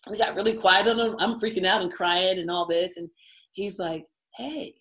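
A woman's voice: fairly low pitch, steady tone, fairly quick, a bit bright. A middle-aged woman from the United States, an interview guest telling a personal story, chatty and laughing often.

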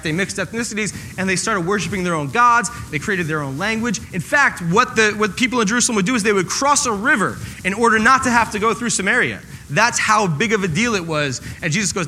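A man's voice: high voice, animated, quick pace, pushed and bright, slight background noise, rough recording. A man preaching a sermon to a congregation, joking and acting out the voices of the people in his story. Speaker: pastor. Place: church hall with a congregation.

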